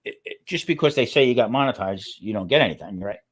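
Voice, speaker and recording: Rambling man with a lively voice. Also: mid-range voice, husky. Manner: rambling, halting restarts, frequent "okay?". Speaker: guest keto cooking channel creator. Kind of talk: casual podcast chat.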